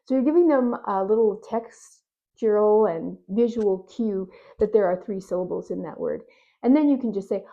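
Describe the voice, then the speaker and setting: A woman's voice: mid-range voice, moderate pace, warm tone, lo-fi sound. A woman speaking as a speech pathologist, giving parents a friendly, plain-spoken explanation to camera. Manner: friendly, plain-spoken, with playful mock confusion in examples. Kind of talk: informal educational talk to camera.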